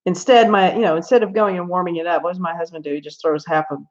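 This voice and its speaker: A woman's voice: on the low side, fairly even intonation, quick pace, darkish tone. A Southern American woman hosting a casual coloring livestream, chatting and telling stories with lots of laughs and asides. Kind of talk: casual chat while coloring. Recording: slightly dull lo-fi stream audio.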